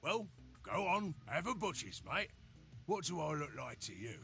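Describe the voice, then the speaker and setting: Brief: a gravelly, bright-edged robot workman from a game, chummy and slangy, over faint music. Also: a little high, big pitch swings, normal speed, full character voice. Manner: folksy slangy banter. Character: cheery working-class male robot laborer.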